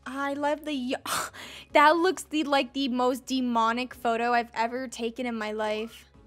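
A young woman with a high, girlish voice chats her way through a game in unhurried, bubbly commentary, breaking into squeals and jokey asides. Game music plays faintly behind her. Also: flat delivery, fairly bright tone. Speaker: gaming video creator. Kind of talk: playful let's-play commentary.

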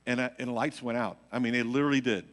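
Pastor, man, chatty storytelling sermon, acts out voices; bright tone, live hall reverb. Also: medium pitch, fast talker. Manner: animated, acts out quotes, laughs at own story. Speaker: pastor teaching a midweek Bible study. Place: church sanctuary.

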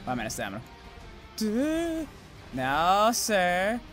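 A young man commentating his own gameplay, rambling to himself and cursing loudly at the monsters. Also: high voice, huge pitch swings, takes it slowly, faint music behind. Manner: profane, rambling, yells at monsters.

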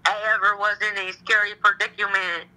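A woman's voice: medium pitch, level tone, fairly quick, pushed and bright. A young woman on a recorded phone call, anxious and rambling, repeating herself and swearing casually. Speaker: caller.

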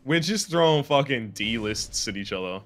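A man's voice: mid-range voice, expressive, normal speed, fairly bright tone. A man co-playing a game, teasing his friend dryly and swearing casually on a voice call. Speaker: guest co-player. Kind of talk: casual gaming banter.

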